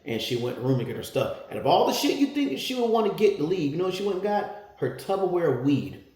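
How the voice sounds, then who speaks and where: A man's voice: sits high, big pitch swings, fast talker, a little mellow, reverberant. A man telling a story in casual, blunt, profane talk, getting heated as he retells an argument. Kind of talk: casual first-person storytelling.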